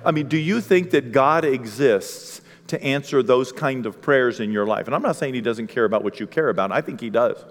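A man delivers a sermon from a church pulpit, his voice ringing with a long hall reverb. He preaches in an animated way and breaks into the voices of people in the story as he goes. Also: mid-range voice, normal speed, few pauses. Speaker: pastor. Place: church sanctuary.

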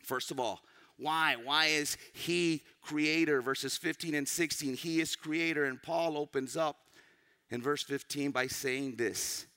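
A man's voice: on the high side, unhurried, clear, resonant tone. A man preaching a teaching sermon who tells listeners what to underline, pressing key words hard and sometimes sinking to a near-whisper. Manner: emphatic, rising to loud stresses and dropping to near-whispers.

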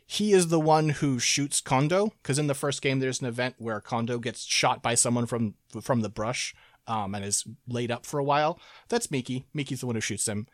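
A man in casual chat, recapping a game's story with lots of fillers, laughs and quick quoted asides. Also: medium pitch, no echo, clean studio sound. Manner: rambling, laughing, quoting characters in quick asides. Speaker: podcast co-host recapping a game.

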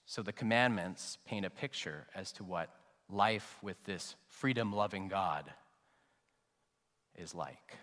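Man preaching in a reverberant hall. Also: slow. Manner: dynamic preaching, swinging between loud emphatic peaks and soft low trailing phrases. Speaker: pastor. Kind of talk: sermon.

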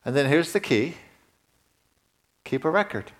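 A man preaching a sermon to his congregation in a conversational way, rising in pitch and emphasis at key points. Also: expressive, unhurried. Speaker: pastor.

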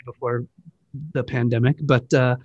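A man talking as an interview guest, telling his work story with quick, enthusiastic asides. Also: mid-range voice, little pitch movement, a little mellow, no room sound, highs cut off. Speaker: guest, digital marketing agency partner. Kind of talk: casual conversational interview.

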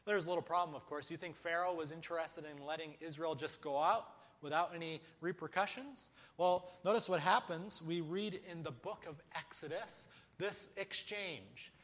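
A man's voice: a little high, moderate pace, hardly any pauses, a bit bright. A man preaching a sermon, emphatic, with rhetorical questions and repetition. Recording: echoey hall.

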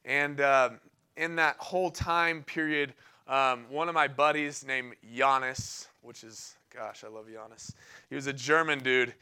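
A man's voice: mid-range voice, steady tone, measured pace, sharp tone, clean tone. A young man giving a sermon in a casual, enthusiastic way, telling a personal story and often laughing between phrases. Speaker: preacher.

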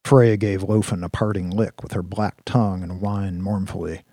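A male narrator reading a science-fiction audio drama in a steady, measured storytelling voice. His tone is deep and husky, recorded dry and close. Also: dry recording.

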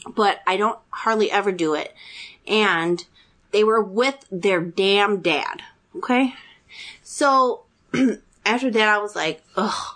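Chatty woman in her thirties telling a story. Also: slow. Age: 30s. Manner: chatty, animated, acts out quotes with rising pitch. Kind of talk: casual personal story.

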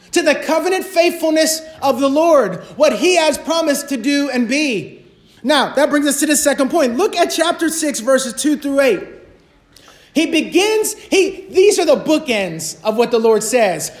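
A man preaching a sermon as a pastor, passionate and repetitive, rising to shouts. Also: very high voice.

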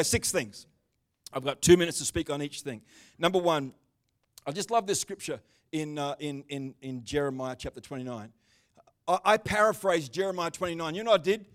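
A man preaching a sermon in a church service, animated and bursting out loud at times, with chatty, joking asides to people in the congregation. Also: on the high side, normal speed, pauses often. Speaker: pastor.

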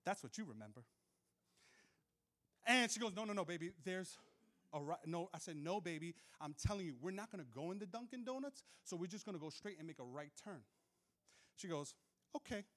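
A male pastor preaching a sermon, telling funny stories and joking with the crowd, moving from soft asides to loud shouts. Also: high voice, sing-song, a little fast, long pauses. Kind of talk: sermon with humorous storytelling. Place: church hall with live audience.

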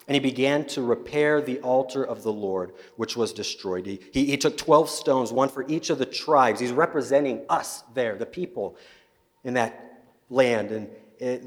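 A man preaching at a middle pitch, his voice carrying a long echo through a large hall. He tells a Bible story with lively storytelling and often repeats words on the way. It sounds like a live church sermon. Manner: storytelling, acting out biblical scenes, frequent repeated words. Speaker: pastor.

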